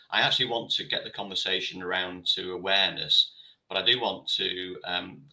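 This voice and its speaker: A man's voice: low-pitched, vocal fry, sharp tone, rough recording. A man hosting a panel discussion, courteous and a little hesitant, steering the talk along. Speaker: host.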